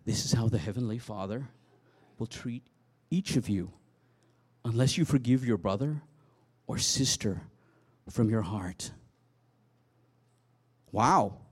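A man preaching a sermon, telling a Bible story with animated storytelling and dramatic swings in loudness. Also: on the low side, breathy edge. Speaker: pastor.

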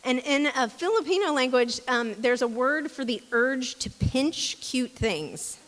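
A woman giving a relaxed, chatty sermon in a church, talking with many ums and restarts. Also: sits high, a little slow, long reverb tail. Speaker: church speaker. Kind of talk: casual conversational sermon. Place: church hall.

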